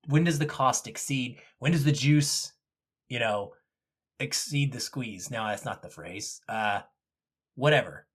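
A man's voice: medium pitch, fairly bright tone. A man co-hosting a podcast, talking through a film in a rambling way and searching for his words. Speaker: podcast co-host. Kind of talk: casual film discussion.

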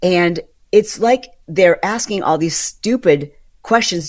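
A woman hosting a casual solo podcast, venting in an exasperated, fast-running storytelling manner. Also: fairly low pitch, a little mellow. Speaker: podcast host.

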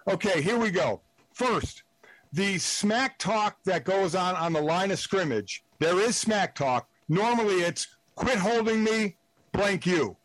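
Guest analyst: blunt ex-player man, higher voice, dry phone-in sound, rambling and emphatic. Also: expressive, measured pace, a bit bright, no echo, low-quality recording. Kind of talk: sports talk radio call-in. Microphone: phone line.

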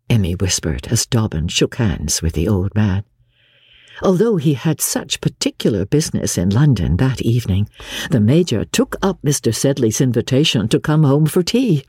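A woman narrating a classic novel with expressive, storytelling delivery. Her voice is husky and dark, with a wide, lively pitch range. The recording is close and dry. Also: dry recording. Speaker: audiobook narrator.

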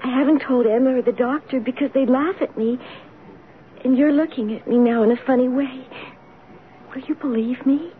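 An actress playing a frightened, feverish teenage daughter in a 1970s radio drama, pleading and anxious, on a tinny broadcast. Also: female voice, sits high, normal speed, natural voice.

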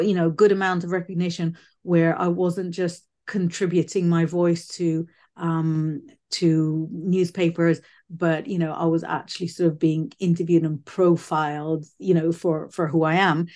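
A woman speaking as a psychic medium guest in a casual interview, chatty and animated, often restarting her sentences. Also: medium pitch. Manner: chatty, animated, self-correcting.

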